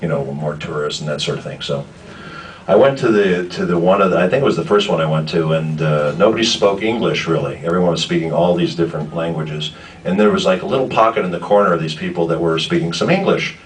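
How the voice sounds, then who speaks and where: A low-voiced man spins loose anecdotes for a fan panel, stopping and restarting as he goes. He sits far from the mic, with steady noise in the room around him. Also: quick pace. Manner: rambling, many fillers and restarts, laughing asides. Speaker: voice actor, convention panelist. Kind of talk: anecdotal storytelling to fans. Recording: distant, noisy convention room.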